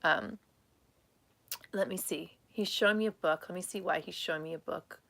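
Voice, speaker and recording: A woman psychic medium giving a live reading, speaking in a halting, emotional way with many restarts, at times tearful. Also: on the low side, gravelly, a bit bright.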